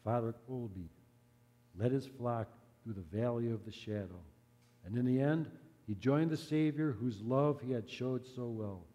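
Mellow-voiced preacher in a reverberant hall. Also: male voice, mid-range voice, muffled recording. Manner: earnest, measured, dropping to a hush at solemn moments. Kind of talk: sermon storytelling.

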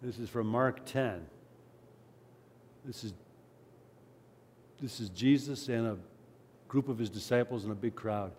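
This sermon comes from a man with a mid-range voice who speaks at a measured pace and pauses often. He reads scripture, dramatizes the crowd's and beggar's cries with animation, and talks through the passage conversationally. Long hall reverb surrounds the recording.

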